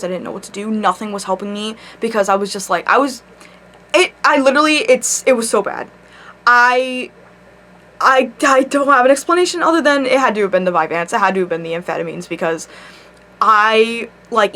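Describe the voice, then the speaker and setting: A young woman vlogger casually telling a rambling story at home, animated, swearing and laughing often. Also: mid-range voice.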